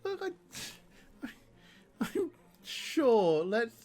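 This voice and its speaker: A man's voice: extremely high pitch, huge pitch swings, extremely slow, darkish tone. A man streaming a text adventure game, reading the options aloud and laughing often.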